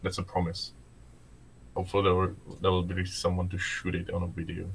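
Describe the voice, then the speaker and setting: Playful guy with a low-ish voice, Czech first language, laughing through easygoing chat. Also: monotone, brisk, creaky, a little hiss or hum, poor audio. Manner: playful, laughs often, stumbles and restarts. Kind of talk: casual chat.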